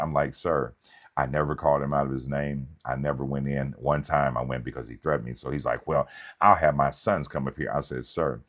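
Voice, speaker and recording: A pastor delivers a sermon in a very deep, low voice. He moves between scripture reading and emphatic, conversational storytelling. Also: steady tone, brisk.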